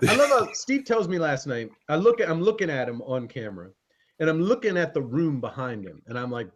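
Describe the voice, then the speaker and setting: A man's voice: fairly high pitch, expressive, fairly quick, husky. A man co-hosting a live podcast as a game master, talking in a rambling, self-correcting way. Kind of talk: casual live-stream chat. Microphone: webcam stream. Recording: dull lo-fi webcam audio.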